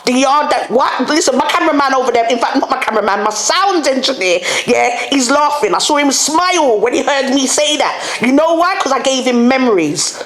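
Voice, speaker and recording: A woman hosts her podcast solo, talking candidly in slang and breaking into laughter. Her voice sits a little high. The recording has a roomy echo. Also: expressive, brisk, hardly any pauses, a bit bright. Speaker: podcast host. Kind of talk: casual solo rant.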